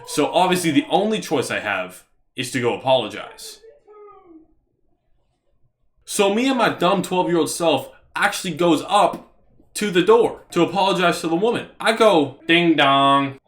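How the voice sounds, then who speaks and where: A young man in casual storytelling mode, rambling and animated, full of fillers like "you know" and "like". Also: on the high side, moderate pace. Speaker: vlogger.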